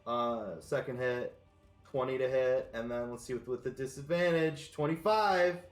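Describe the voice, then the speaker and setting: A man's voice: mid-range voice, normal speed, soft background music. Brash male player in an echoey room. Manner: brash, swears, jokes. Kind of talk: casual game chat. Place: online voice call.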